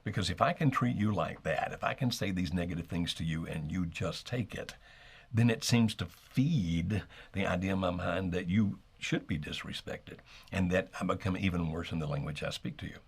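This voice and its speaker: A man co-hosting a live call-in marriage advice show, calmly explaining what to do and acting out sample lines. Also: deep voice, normal speed, gravelly, slightly rough. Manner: calm, explanatory, acts out sample dialogue. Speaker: marriage coach co-host.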